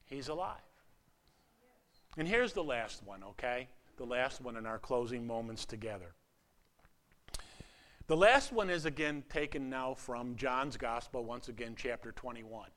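Older man, preacher, sermon, bright forceful tone, talks to the audience. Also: mid-range voice, a little slow, long pauses. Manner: animated, rises to emphatic peaks then drops to hushed asides; conversational, asks the audience questions.

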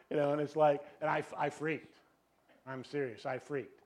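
A middle-aged man preaching a sermon, telling a personal story in an animated, self-mocking way and filling his talk with "you know". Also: fairly high pitch, normal speed. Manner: animated, self-deprecating, acts out voices, many "you know"s. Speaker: pastor.

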